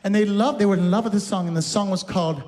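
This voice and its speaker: A man's voice: high-pitched, quick pace, a little mellow. A man hosting a live cabaret show, telling chatty, campy stories between songs with frequent laughs, in a recording studio. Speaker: cabaret singer and host. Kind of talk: live cabaret stage patter.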